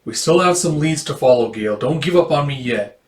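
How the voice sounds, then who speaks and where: A man's voice: fairly high pitch, expressive, fairly quick, roomy sound, close to an everyday voice. A man voicing a male companion who is dry and encouraging.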